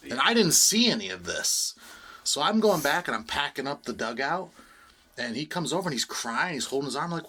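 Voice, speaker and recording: A middle-aged man chatting casually on a podcast, telling a story and swearing freely. His voice is bright and forward, pitched at an ordinary level. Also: expressive, fairly quick, husky. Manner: storytelling, swearing, laughs often. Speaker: podcast co-host.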